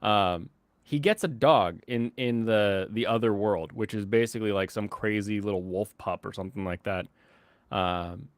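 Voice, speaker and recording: A man hosting a casual podcast chat, ranting in an animated, sardonic way and slipping into mocking voices. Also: lowish voice, moderate pace, dry recording. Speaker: host.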